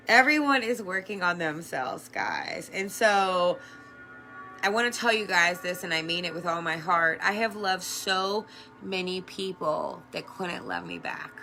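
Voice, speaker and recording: A woman speaks with a bright, clear tone in a casual, earnest motivational talk, chatty and quick to laugh. She swears casually as she coaches her viewers. Faint music plays softly behind her. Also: on the low side, very animated. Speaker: energy worker and life coach.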